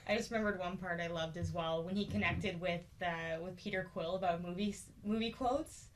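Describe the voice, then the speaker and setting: A woman co-hosting a casual chat, giggly and animated as she talks. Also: on the low side, moderate pace, slight background noise. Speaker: guest co-host.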